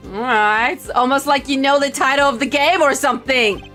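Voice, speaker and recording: A woman's voice: sits high, normal speed, pushed and bright, faint music behind. A young adult woman streaming a game, chatting casually, reacting aloud and greeting her chat. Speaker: VTuber streamer.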